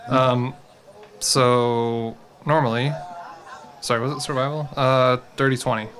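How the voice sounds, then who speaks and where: A man's voice: medium pitch, level tone, unhurried, a bit bright, slight background noise. A man playing a tabletop game, chatting in an easygoing way and laughing often. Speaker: player.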